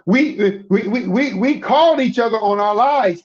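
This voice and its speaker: A man's voice: high voice, moderate pace, hardly any pauses, a little mellow, lo-fi sound. A middle-aged man preaching a conversational sermon, emphatic, often repeating himself and restarting words.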